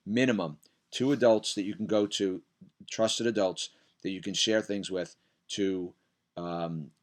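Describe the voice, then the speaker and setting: A man with a somewhat low voice speaks straight to middle schoolers in a recorded video message. He sounds upbeat and encouraging, like a motivational speaker who visits schools. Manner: upbeat, direct, encouraging address to kids; loud, energetic opening greeting.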